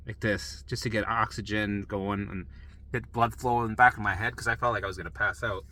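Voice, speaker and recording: Bright-voiced man telling a frantic story. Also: fairly low pitch, brisk, poor audio. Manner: profane, animated, frantic retelling. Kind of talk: personal storytelling monologue.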